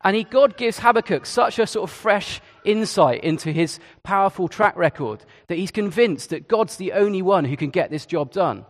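A man's voice: high voice, expressive, normal speed, few pauses, long reverb tail. A man preaching a sermon in a conversational way, with hesitations and asides. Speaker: Church of England preacher.

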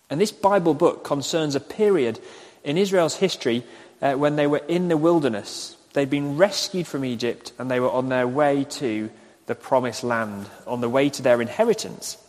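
Measured preacher in a reverberant hall. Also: male voice, medium pitch. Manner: measured, repeats questions slowly. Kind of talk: recorded online sermon. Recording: echoey hall with long reverb.

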